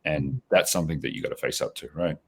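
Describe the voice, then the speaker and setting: Forties Australian male guest, extremely deep voice, reflective and conversational. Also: fast talker, a bit bright, husky. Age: 40s. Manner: reflective, with many restarts and tag questions. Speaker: podcast guest. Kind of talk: casual interview answers.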